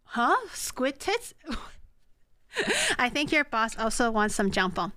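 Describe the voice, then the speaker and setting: A woman's voice: on the high side, big pitch swings, takes it slowly, bright, forceful tone. A young woman live-streaming from her home kitchen, chatting casually with her viewers in a playful, teasing way as she cooks. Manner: playful, teasing, bursts into laughter. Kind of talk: casual live-stream chat while cooking.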